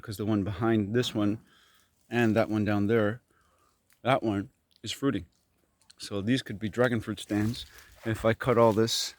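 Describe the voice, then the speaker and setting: Man rambling through his overgrown garden. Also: on the low side. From Korea. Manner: rambling, musing asides; talks while chewing. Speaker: vlogger clearing a fruit garden. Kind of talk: casual walk-and-talk vlog. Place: outdoors in an overgrown tropical garden.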